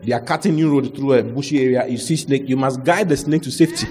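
A man preaching a lively sermon, mixing humor and acted-out quotes. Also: medium pitch, fast talker, big-room sound, very noisy. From Ghana. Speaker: pastor.

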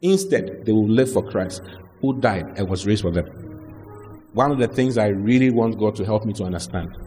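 A man preaching a lively sermon, mixing humor and acted-out quotes. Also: fairly low pitch, normal speed, in a large hall, faint music behind. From Ghana. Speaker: pastor.

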